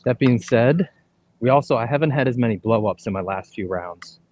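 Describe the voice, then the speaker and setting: A man's voice: mid-range voice, a little fast, darkish tone. A man hosting a casual golf livestream outdoors, matter-of-fact as he talks himself through his shots. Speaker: host and golfer.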